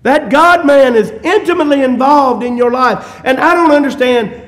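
A man preaching a sermon in a church, moving from shouted peaks to low hushed asides, with chuckles and folksy humor between his points. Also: moderate pace.

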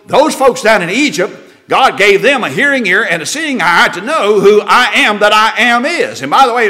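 Lively, bright-voiced folksy preacher. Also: male voice, high-pitched. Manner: folksy, conversational preaching with rhetorical questions. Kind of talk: sermon.

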